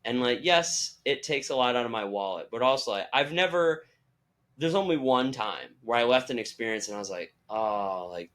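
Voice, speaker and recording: Bright-voiced man telling animated stories. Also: mid-range voice, normal speed. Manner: animated storytelling, acting out quoted voices. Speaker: podcast host. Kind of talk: casual chat.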